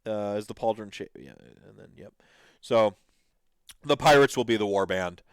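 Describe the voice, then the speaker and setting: A man's voice: on the low side, normal speed, clear, resonant tone, no room sound. A man hosting a podcast, reacting to videos in an enthusiastic, rambling way with lots of fillers. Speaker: podcast host. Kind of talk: casual commentary reacting to videos.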